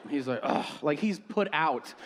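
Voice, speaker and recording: A man's voice: fairly high pitch, a little slow, a crowd in the background, background noise. A man telling a funny story, acting out other people's lines and laughing as he talks. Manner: animated, acts out other people's lines, laughs while talking. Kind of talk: storytelling anecdote.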